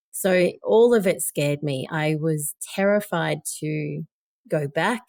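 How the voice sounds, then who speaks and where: Woman, 40s, low and gravelly, dry sound; podcast guest sharing a painful story candidly. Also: a little mellow, no room sound. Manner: emotional, candid, quoting others. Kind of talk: personal story in interview.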